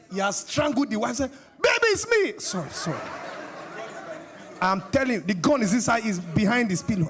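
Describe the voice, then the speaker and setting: A man's voice: a little high, slightly rough. A middle-aged male pastor, preaching a sermon with call-and-response questions to the congregation.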